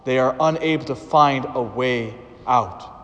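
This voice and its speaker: A man preaching a sermon as a priest, slow and deliberate with dramatic pauses, in a church. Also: medium pitch, fairly bright tone, dull audio. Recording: church with long reverb.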